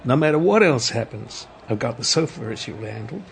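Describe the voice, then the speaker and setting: A man's voice: mid-range voice, lively intonation, brisk, vocal fry, slight background noise. A man reading as a weary insomniac guy. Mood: subdued. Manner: hesitant, subdued. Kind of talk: radio scene reading.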